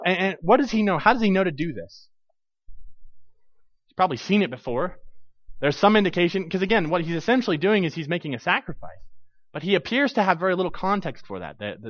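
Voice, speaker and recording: A man with a high voice teaches a Bible passage in an easy, conversational way. He wanders into asides and often restarts his sentences. The recording is dry, close and dull. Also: no echo. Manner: chatty with frequent restarts and asides. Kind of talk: conversational sermon commentary.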